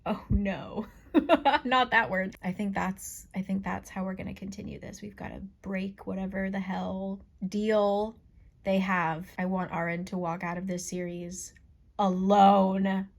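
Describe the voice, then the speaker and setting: A woman's voice: medium pitch, measured pace, gravelly. Chatty, blunt woman reviewing a book. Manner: chatty, blunt, swears freely; excitable outbursts while reading. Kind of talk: casual book review chat.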